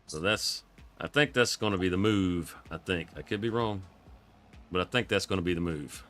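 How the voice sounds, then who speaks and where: A man's voice: deep voice, normal speed, fairly bright tone, faint music behind. A man giving casual, rambling live commentary on a farming game, chuckling often, his voice froggy from coughing.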